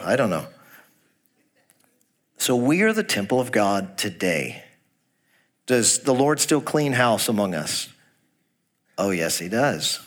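A man preaches a sermon in a middle-pitched voice. He puts pointed questions straight to the congregation and reads scripture aloud. Now and then he slips in a folksy joke. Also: animated, a little slow, pauses often. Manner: asks the congregation direct questions; folksy, jokes about a Texas accent. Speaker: pastor.

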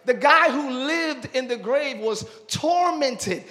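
A male pastor preaching a sermon in church, talking with the congregation and rising into loud shouting praise. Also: extremely high pitch, expressive, slow, few pauses, big-room sound. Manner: preaching with call-and-response to the congregation.

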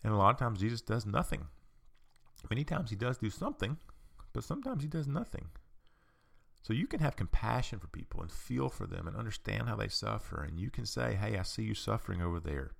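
Deep gravelly male podcast host. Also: sing-song, brisk, a bit bright. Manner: conversational, repeats points for emphasis. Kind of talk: reflective teaching talk.

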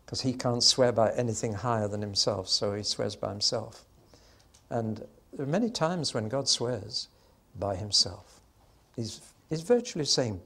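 An older man delivers a Bible teaching in sermon style, telling the story with emphasis. He slows down and leans on the key moments to give them weight. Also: medium pitch, expressive, gravelly, fairly bright tone, slightly rough.

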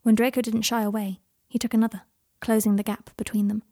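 A woman softly reading a romance story aloud in a hushed, narrating voice. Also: fairly high pitch, level tone, fairly quick. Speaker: reader. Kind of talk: fan fiction audiobook reading.

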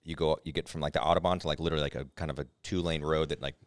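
A man's voice: very deep voice, steady tone, racing, clear, resonant tone, no room sound, clean studio sound. A man co-hosting a podcast, telling travel stories and saying "like" often. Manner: rambling, many "like"s. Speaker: podcast co-host. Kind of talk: casual chat.

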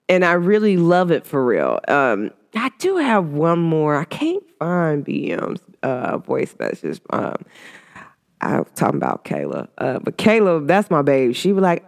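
A woman talking casually to her viewers in a vlog, animated, rambling and warmly emphatic. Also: low-pitched, clear, resonant tone. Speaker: vlogger. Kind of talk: casual heartfelt talk to camera.

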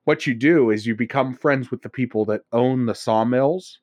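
A man's voice: medium pitch, moderate pace, a little mellow, no echo. A man from Pennsylvania co-hosting a casual chat, rambling and often laughing between thoughts. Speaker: podcast co-host.

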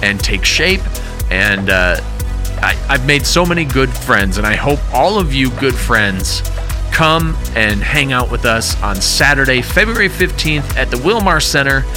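A man's voice: mid-range voice, expressive, a little slow, music in the background. A male podcast host from the giving casual, rambling announcements at the end of an episode. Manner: friendly, rambling, uses fillers.

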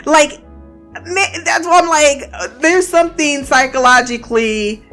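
A woman's voice: sits high, a little slow, fairly bright tone, faint music behind. A woman giving a casual, blunt and profane recap of a TV show, often breaking into laughter. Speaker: TV show reviewer.

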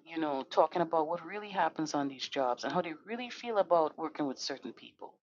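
A podcast host with a voice on the low side launches into an impassioned, profane tirade built on rhetorical questions. The dull, dry lo-fi recording carries a little hiss or hum.

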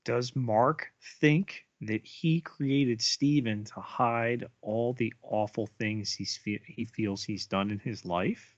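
A man co-hosting a podcast, retelling a TV episode scene by scene in a measured way. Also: mid-range voice, dry recording, lo-fi sound. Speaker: podcast co-host. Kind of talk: episode recap narration.

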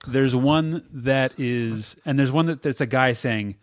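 A man's voice: mid-range voice, a little slow, dry recording. A man in his thirties tells a story eagerly during a casual podcast chat. The recording is dry and close, with no room sound.

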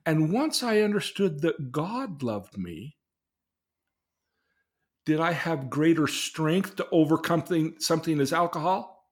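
A father in middle age shares a personal story as a spiritual lesson for his daughter, speaking unhurriedly in a fairly high, husky voice with lively intonation. He asks her questions earnestly and voices the characters he quotes.

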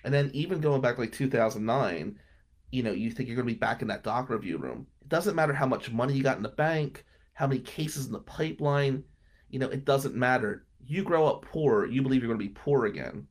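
The speaker, an Atlantic City trial attorney in his thirties, is expressive and fairly quick as he bluntly describes his hard early career in a candid interview monologue. Heavy swearing runs through it, and he moves from low, quiet stretches to loud, heated ones.

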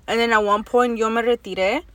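A young woman, explaining background in a relaxed casual chat. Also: fairly high pitch, fairly quick, dry recording. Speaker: podcast co-host.

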